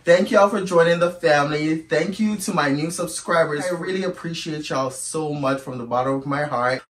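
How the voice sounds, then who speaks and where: A storytime YouTuber with a fairly high voice chats expressively to his viewers at a moderate pace, calling them "girl" in a casual monologue. He's recorded from a distance, away from the mic, with a roomy echo.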